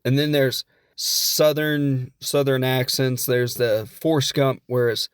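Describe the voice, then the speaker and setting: A man's voice: medium pitch, flat delivery, slow, clear, resonant tone, no room sound, studio quality. A man with a Midwestern American accent, hosting a podcast and recapping a film in a rambling, jokey, self-deprecating way. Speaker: podcast host. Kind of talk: casual comedic film recap.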